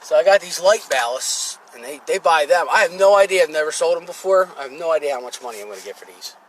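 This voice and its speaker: A man's slightly high, expressive voice moves at a quick pace in this casual vlog monologue. He's in his forties with a Philly accent, a scrap-metal worker and vlogger who rambles, jokes and pokes fun at himself to his phone camera from his truck. The rough recording has slight background noise.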